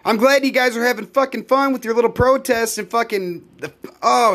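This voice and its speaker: A man's voice: extremely high pitch, fairly quick, few pauses, a bit bright. A man, hosting a podcast, ranting alone in a heated and profane way. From United States. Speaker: podcast host; live performer. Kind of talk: angry solo rant.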